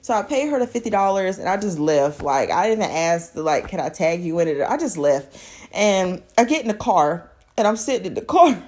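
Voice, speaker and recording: A woman's voice: medium pitch, big pitch swings, moderate pace, a little mellow. A young woman vlogger telling a storytime with exasperated, slangy animation. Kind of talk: storytime vlog.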